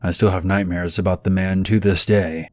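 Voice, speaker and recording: A man narrating a true scary story in a calm, measured, scripted reading. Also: low-pitched, no echo.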